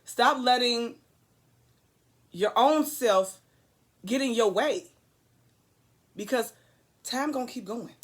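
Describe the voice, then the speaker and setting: A woman's voice: a little high, slow pace, pauses often. Earnest preachy woman giving a pep talk. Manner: earnest, preachy, emphatic repetition; loose, rambling asides. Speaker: vlogger. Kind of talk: motivational talk to camera.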